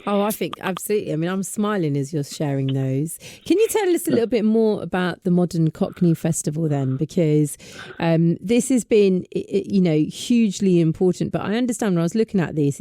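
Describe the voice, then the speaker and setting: A woman's voice: on the low side, lively intonation, fairly quick, warm tone, dry recording, clean studio sound. A woman hosting a radio show, chatty and encouraging as she interviews a guest. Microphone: studio microphone.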